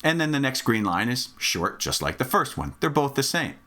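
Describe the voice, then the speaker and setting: A man's voice: mid-range voice, sing-song, normal speed, pushed and bright. A man teaching a children's music lesson on rhythm, patient and encouraging, counting off and chanting along.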